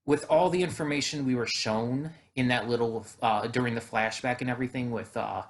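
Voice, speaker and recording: Male YouTube reactor, casual chat, filler-heavy and rambling, ordinary middle pitch. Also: fairly quick. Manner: chatty, rambling, frequent fillers and restarts.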